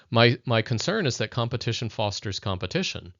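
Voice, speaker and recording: A man's voice: medium pitch, sing-song, normal speed, a bit bright, dry recording. A man teaching in a conversational video lesson, speaking thoughtfully and addressing viewers directly. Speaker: educator. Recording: dull lo-fi dry recording.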